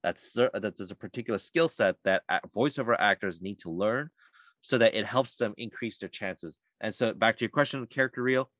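A man who works as a voice actor, talking in a casual podcast interview, animated and chatty with lots of fillers. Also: fairly low pitch, brisk, no echo. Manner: animated, lively storytelling with many fillers. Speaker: voice actor guest.

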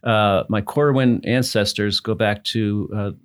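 A man from New England talks in a rambling, easygoing way as a guest at a bourbon tasting. His voice sits a little low, and he pauses often with fillers as he tells his stories. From New England, south of Boston. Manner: relaxed, rambling storyteller with fillers. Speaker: club founder, guest. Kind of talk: casual chat over bourbon tasting.

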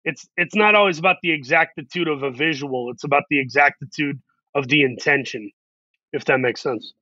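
A man's voice: fairly high pitch, brisk, bright, forceful tone, dry recording, muffled recording. A man talking in a casual interview, earnest and reflective, working through his ideas in long, run-on thoughts. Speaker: actor, guest.

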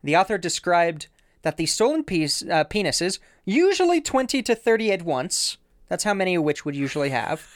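A podcast co-host walking a partner through odd research, playful and quick to laugh. The voice jumps around a lot in pitch, and it's recorded dry and close with no room sound. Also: no echo. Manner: animated storyteller, laughs often, playful asides. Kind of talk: casual podcast chat.

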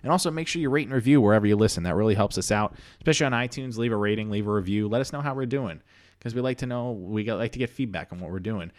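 A man's voice: fairly low pitch, very fast, no echo. A man hosting a comedy podcast, telling a story in an easygoing, chatty way. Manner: easygoing, chatty, laughs often. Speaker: podcast host.

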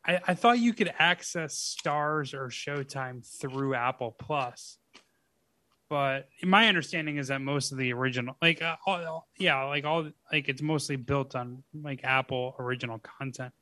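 A man's voice: medium pitch, normal speed, sharp tone, no echo. A man co-hosting a podcast, joking and swearing in loose casual chat with many fillers. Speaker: podcast co-host.

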